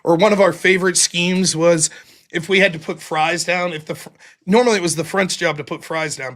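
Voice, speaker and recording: A man's voice: sits high, bright, forceful tone. An American man in his forties hosting a show, telling rowdy, profane stories and acting out the people in them. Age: 40s. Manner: profane, rowdy, acts out quoted voices. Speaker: show host. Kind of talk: casual storytelling monologue.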